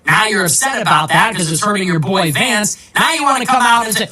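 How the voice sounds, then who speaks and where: Sharp-toned man on a sarcastic political rant, combative, a bit far from the mic. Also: high-pitched, lively intonation, fairly quick, few pauses. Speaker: political commentator. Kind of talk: ranting monologue.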